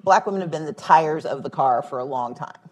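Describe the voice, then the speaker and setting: A woman's voice: sits low, fairly quick, darkish tone. A woman in her forties, a guest speaker on stage before a live audience, talking plainly with homely analogies and a wry edge. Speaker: guest speaker, former candidate. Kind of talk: public conversation on stage. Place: event room with live audience.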